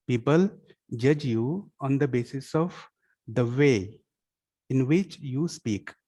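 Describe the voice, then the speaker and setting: A mellow, mid-range male voice belongs to a college lecturer addressing his students. He repeatedly asks "yes or no?" to make sure they follow, moving into Marathi and Hindi when he explains.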